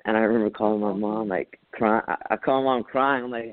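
A man, a Marine veteran, telling a story as an interview guest, animated, acting out his own quotes and laughing often. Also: lowish voice, a little fast, no room sound, narrow, tinny audio. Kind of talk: casual storytelling.

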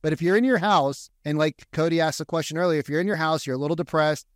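A man talking in casual podcast chat, an animated, profane storyteller. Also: fairly high pitch, quick pace, no room sound, clean studio sound. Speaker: real estate agent, podcast guest.

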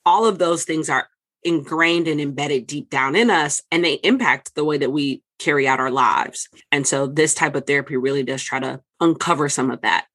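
A podcast host explaining types of therapy to listeners in a brisk, clear way, adding personal examples. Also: medium pitch, a bit bright.

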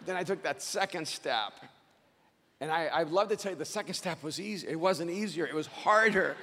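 A man delivers a motivational speech in a high, bright, forceful voice, pushing his lines close to a shout and slowing down for emphasis. His words ring out with a long reverb from a large hall. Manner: loud and emphatic, often near a shout, with slow dramatic phrasing. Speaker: motivational speaker. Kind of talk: motivational speech to a live audience.

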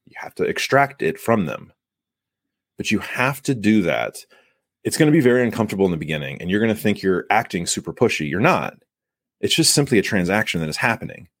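A man's voice: lowish voice, very animated, a little fast, a bit bright, dry recording. A man hosting a sales podcast, coaching listeners in an emphatic monologue and acting out short exchanges with buyers. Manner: emphatic, coaching, acts out buyer and seller lines. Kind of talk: solo podcast advice monologue.

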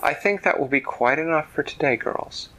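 A man's voice: on the high side, expressive, normal speed, pushed and bright, voice pushed up, poor audio. A man voicing a prim fairy teacher at a wand school in a storybook reading, proper and schoolmistress-like. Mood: approving.

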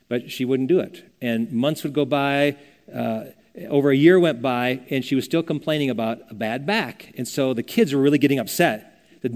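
A man's voice: medium pitch, brisk, a little mellow. An older man preaching a sermon as a pastor, earnest and conversational, telling stories as he teaches. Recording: long reverb of a church hall.

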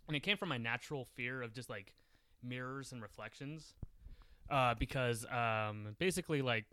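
Young male guest, casual and filler-heavy, crisp bright voice, dry mic. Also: medium pitch, no room sound. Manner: rambling, lots of "like" and "um". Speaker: podcast guest, writer. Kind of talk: casual interview.

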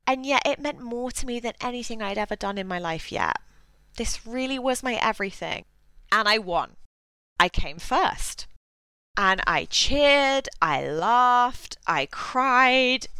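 A woman, a makeup artist telling her own story in an expressive, animated way with frequent laughs. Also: medium pitch, smooth, dry recording. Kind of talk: personal storytelling monologue.

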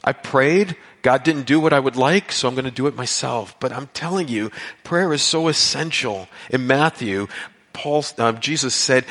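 A man's voice: on the high side, expressive, unhurried, fairly bright tone, breathy edge. Man preaching in a reverberant hall. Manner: earnest preaching, rising to emphatic cries. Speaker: pastor. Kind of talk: sermon.

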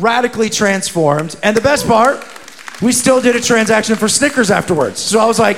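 A man from New Jersey preaching as a guest, telling funny stories with animated, joking energy. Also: high voice, fairly quick, a little hiss or hum. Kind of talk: sermon with humorous storytelling.

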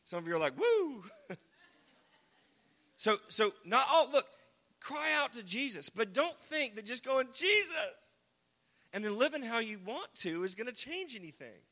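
A man preaching a casual, joking sermon, now and then shouting single words for emphasis. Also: very high voice, sing-song, normal speed. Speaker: pastor. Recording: long hall reverb.

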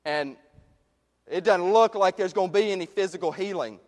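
A man preaching a sermon as pastor, passionate, rising to loud emphasis and dropping to hushed questions. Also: sits high, moderate pace. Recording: long reverb of a large hall.

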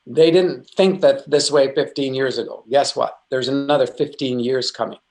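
A man's voice: mid-range voice, steady tone, moderate pace, a little mellow. A middle-aged man teaching about faith in an earnest, conversational way, full of restarts and asides. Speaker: Christian speaker.

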